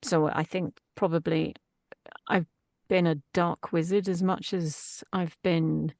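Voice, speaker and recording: A woman's voice: lowish voice, flat delivery, takes it slowly, creaky, a little mellow, no echo, clean studio sound. A woman, a voice actress chatting in an interview in a chatty, self-deprecating way. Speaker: voice actress guest. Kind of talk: casual interview chat.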